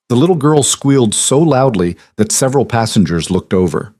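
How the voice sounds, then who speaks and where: A man narrating a scripted story in a calm, measured way. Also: mid-range voice, dry recording, clean studio sound.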